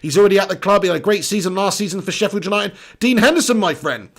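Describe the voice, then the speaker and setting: A young English man hosts a live football chat and answers viewer comments. He talks bluntly and casually and swears freely. His voice sits high with a gravelly rasp. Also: lively intonation, quick pace, fairly bright tone. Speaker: football channel host.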